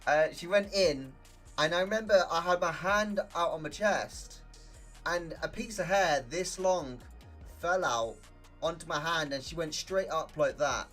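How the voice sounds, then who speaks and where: A man's voice: fairly high pitch, a little slow, fairly bright tone, soft background music. A young man chatting casually on a game stream, laughing often and swearing freely. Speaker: live-streaming gamer.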